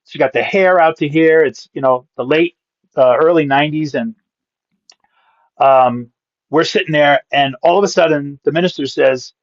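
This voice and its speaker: A man in his fifties, a pastor and comedian, telling a comic story as a podcast guest with punchy delivery and quick asides. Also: fairly high pitch, dry recording. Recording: dull, dry lo-fi sound.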